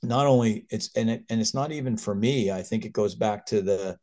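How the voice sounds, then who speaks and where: Man, fifties, physician guest, animated, earnest storyteller, slightly low voice. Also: brisk. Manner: animated, earnest, gets emotional. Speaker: critical care physician, guest. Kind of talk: conversational storytelling.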